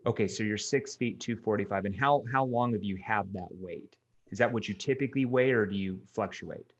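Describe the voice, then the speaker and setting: A middle-aged man coaching sales calls, giving direct feedback and slowing down to stress key words. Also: on the low side, muffled recording. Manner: direct, instructive, slows down for emphasis. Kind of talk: coaching role-play feedback.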